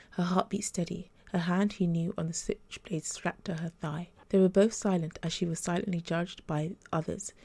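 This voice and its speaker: A woman reading her own fantasy romance novel aloud as a podcast storyteller, steady and unhurried. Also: lowish voice, vocal fry, no room sound.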